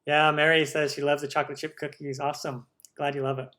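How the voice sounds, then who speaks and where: A man's voice: on the high side, little pitch movement, fast talker, sharp tone. A man from the United States hosting a cooking channel live stream, chatting upbeat through viewer questions with lots of ums.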